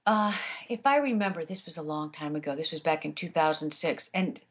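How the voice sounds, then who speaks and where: A woman's voice: sits low, animated, fairly quick, breathy edge. A woman audiobook narrator answering interview questions in a chatty way, with many fillers and restarts.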